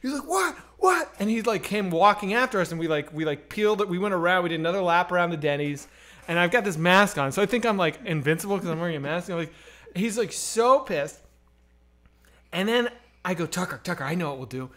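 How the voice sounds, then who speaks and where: A man on a comedy stream telling a wild story, animated and profane, acting out the voices in it. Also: high voice, quick pace. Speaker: comedy podcast host.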